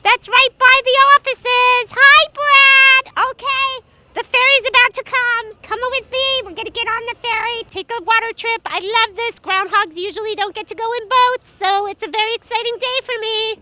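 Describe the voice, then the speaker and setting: A woman voicing an excitable male groundhog mascot who talks in squeaky, giddy exclamations outdoors on a ferry. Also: normal speed, exaggerated voice, poor audio. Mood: excited. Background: loud outdoor noise.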